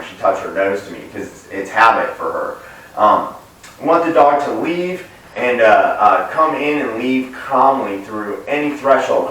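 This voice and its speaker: A man working as a dog trainer, explaining in a relaxed, plain way with frequent pauses and restarts. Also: mid-range voice. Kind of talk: casual instructional talk to camera. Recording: echoey room, voice picked up from a distance.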